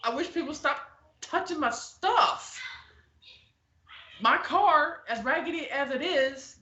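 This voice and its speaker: Blunt, animated woman podcast host. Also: high-pitched, takes it slowly. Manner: animated, blunt, acts out quoted people. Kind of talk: casual opinionated chat. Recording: echoey, dull lo-fi room.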